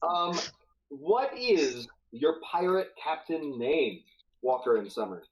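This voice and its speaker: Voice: mid-range voice, big pitch swings, slow pace, poor audio. A game master narrating a live-streamed tabletop game in a playful, chatty way, laughing often.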